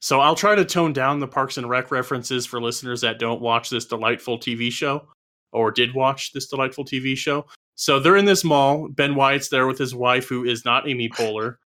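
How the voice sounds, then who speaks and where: A man's voice: mid-range voice, normal speed, sharp tone. A man co-hosting a casual film review podcast, talking through his notes with dry, sardonic humor. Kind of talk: casual chat.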